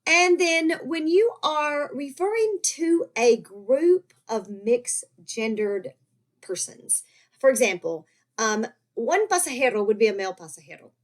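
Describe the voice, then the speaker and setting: Female teacher, somewhat high voice, patient step-by-step lesson delivery. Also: expressive, measured pace. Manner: patient, checks in with "okay?" and "right?". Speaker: Spanish teacher. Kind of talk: recorded grammar lesson.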